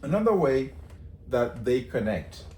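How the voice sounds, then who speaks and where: Animated man teaching languages. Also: mid-range voice, reverberant, slight background noise. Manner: chatty, repeats phrases slowly for learners. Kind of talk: casual spoken language lesson.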